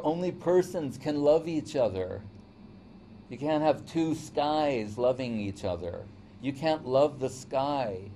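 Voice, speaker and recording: A man's voice: a little high, dark tone, slight background noise. A man teaching a devotional lecture in a conversational storytelling way, often checking in with "right?". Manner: storytelling, acts out quoted voices. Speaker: spiritual teacher.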